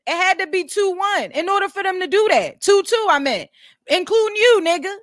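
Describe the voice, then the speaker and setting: Brief: high, bright-toned woman host, blunt and foul-mouthed, casual commentary. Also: expressive, a little fast, dry recording, studio quality. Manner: blunt, profane, explains business details to viewers.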